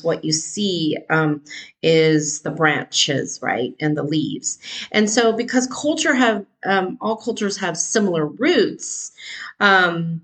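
Low-voiced chatty California woman. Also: a bit bright, poor audio. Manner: chatty, thinks aloud with many ums and rhetorical "right?". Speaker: podcast host, teacher. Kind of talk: casual solo podcast talk.

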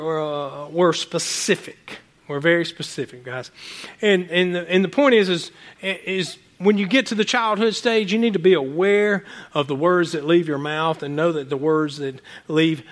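A man preaching a sermon, telling animated stories from home with many restarts and asides to the congregation. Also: a little high. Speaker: pastor.

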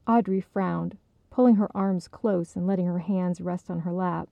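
Woman reading a little story aloud, slow and calm, gravelly voice, dry dull recording. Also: on the low side, no echo. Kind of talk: scripted story narration.

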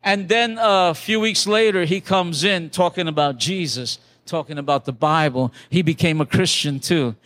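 A man's voice: high voice, moderate pace, few pauses, a bit bright. An older man, a pastor, preaching a sermon as a conversational testimony, with restarts and acted-out quotes.

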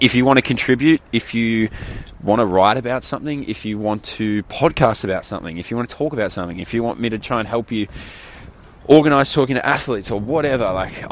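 A man's voice: fairly low pitch, slight background noise. A man with an Australian accent, chatting alone on a podcast in a candid, rambling way and swearing casually. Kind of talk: solo podcast chat.

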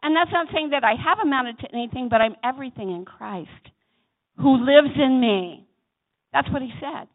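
High-voiced woman preaching, phone-like sound. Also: moderate pace. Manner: swings between loud exhortation and soft asides, calls for congregation responses. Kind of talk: sermon. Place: church chapel.

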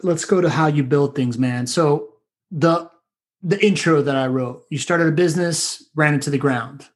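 A man's voice: fairly high pitch, normal speed. A man hosting a podcast, asking a guest questions in a casual, rambling way with restarts. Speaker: podcast host.

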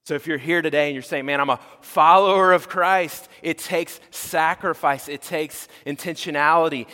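Preaching man in a reverberant hall. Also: a little high. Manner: animated, conversational preaching with acted-out quotes. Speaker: pastor. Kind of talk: sermon.

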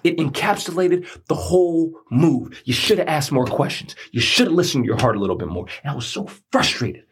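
A man's voice: fairly high pitch, expressive, a little fast, few pauses, slightly rough. A man hosting a podcast, telling a personal story in an earnest, preacher-like way and repeating phrases for emphasis. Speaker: podcast host.

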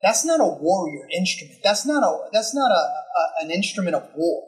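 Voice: medium pitch, expressive, moderate pace. A preacher delivering a conversational sermon, retelling a scripture story with emphatic repetition and rhetorical questions. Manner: emphatic, repeats phrases for effect.

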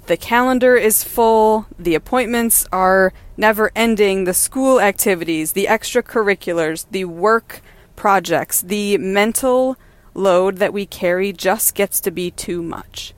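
A woman's voice: medium pitch, measured pace, no room sound. A woman hosting a podcast, talking candidly and encouragingly from her car, laughing now and then. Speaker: podcast host and mother. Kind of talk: casual personal monologue. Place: in a car while driving.

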